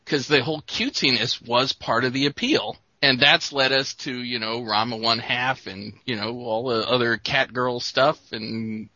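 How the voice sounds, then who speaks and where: A man with a bright, forceful voice co-hosts a laid-back podcast, winding through eager, rambling stories. The recording is dry and close, slightly muffled. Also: medium pitch, normal speed, hardly any pauses, no echo. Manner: rambling, enthusiastic storyteller. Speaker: podcast co-host. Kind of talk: casual chat.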